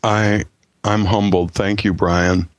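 A man's voice: lowish voice, flat delivery, slow pace, no echo. A man talking as a guest author on a podcast, enthusiastic and full of stammering restarts. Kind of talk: casual podcast chat.

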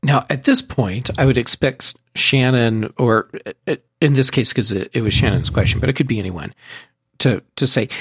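A man's voice: medium pitch, moderate pace, slightly rough, no echo, studio quality. A man co-hosting a casual tech podcast, mostly chiming in with short questions and replies. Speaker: podcast co-host.

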